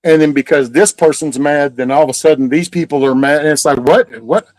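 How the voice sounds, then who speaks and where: A man's voice: a little high, fairly even intonation, fairly quick, a little mellow, no room sound, rough recording. A middle-aged man, ranting casually and profanely as host of a live stream. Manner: profane, heated storytelling.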